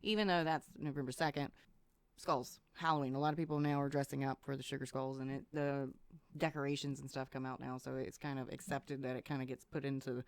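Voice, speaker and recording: A woman's voice: rumbling low, level tone, brisk, dry recording. A woman, co-hosting a podcast in casual chat, rambling and laughing often. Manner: chatty, rambling storyteller who laughs often. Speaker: podcast co-host.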